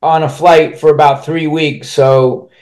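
A man's voice: fairly high pitch, level tone, measured pace, darkish tone. A man speaking as a podcast guest, telling a personal story candidly and bluntly, swearing freely and restarting his sentences as he rambles on.

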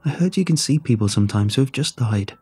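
A man's voice: mid-range voice, expressive, fast talker, darkish tone, breathy edge, faint music behind. A man voicing a serious, blunt male crewman who gives urgent warnings in a story reading. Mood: grave.

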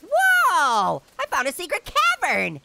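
A man voicing a cheeky, hyper male talking orange in a cartoon game let's-play, cracking puns and giggling through the commentary in a squeaky, pitched-up voice. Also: wildly swooping pitch, slow, gravelly, pushed and bright, no echo, heavily acted. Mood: goofy. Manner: punning, giggly, constant jokes and laughter. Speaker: gaming commentator. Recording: noisy hissy recording.

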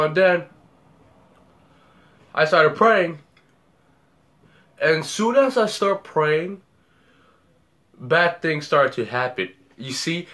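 A man's voice: fairly high pitch, a bit bright. A young man telling a story about a dream in a rambling way, repeating words and acting out the scenes. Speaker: vlogger.

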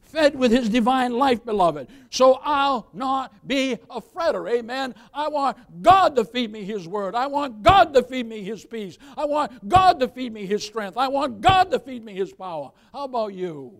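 A man in his seventies preaching a sermon as pastor, building emphasis and asking the congregation for an amen, then softening into laughing stories. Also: extremely high pitch, animated, normal speed, few pauses. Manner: preaching with rising emphasis and call-and-response "amen"; drops into a soft laughing storyteller voice for anecdotes.

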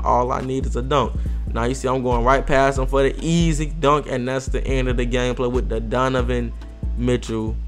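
A young man giving a slangy, excitable gameplay commentary voice-over, trash-talking his opponent. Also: medium pitch. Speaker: gaming video creator.

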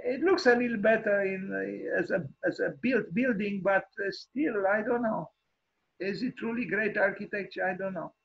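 A male architect hosting an informal online lecture, talking in a halting way with many fillers and restarts, frank and wryly opinionated. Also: high-pitched, vocal fry, slightly rough, muffled recording. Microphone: video call microphone.

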